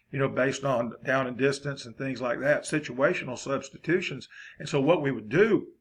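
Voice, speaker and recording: A man's voice: mid-range voice, a bit bright, slightly rough. A man, giving a folksy, rambling football coaching lesson.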